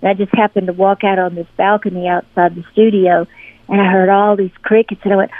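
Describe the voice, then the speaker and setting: A woman's voice: mid-range voice, normal speed, no echo. Woman telling stories over a phone line. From Memphis, Tennessee. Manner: animated, acts out quoted voices in her stories. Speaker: interview guest, singer-songwriter. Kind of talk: casual storytelling interview. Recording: dry tinny phone-line audio.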